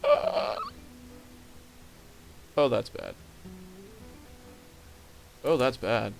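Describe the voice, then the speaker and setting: A man of middle pitch talks through a card game as he plays, working out his moves aloud. He grumbles and swears when luck turns against him. Clear game music plays behind his voice. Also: moderate pace, a bit bright. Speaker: gamer playing a card game. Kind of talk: casual gameplay commentary.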